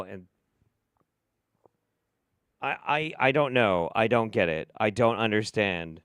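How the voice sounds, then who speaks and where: A man's voice: fairly low pitch, expressive, measured pace, long pauses, a bit bright, no room sound, studio quality. An American man hosting a stream, reacting to clips with sarcastic, profane, mocking commentary. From United States. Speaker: host.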